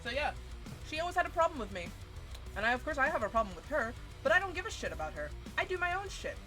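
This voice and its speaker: A woman in her twenties streaming, telling a story in a casual, animated and profane way. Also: high voice, quick pace. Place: home streaming setup. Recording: stream audio with music underneath. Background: background music.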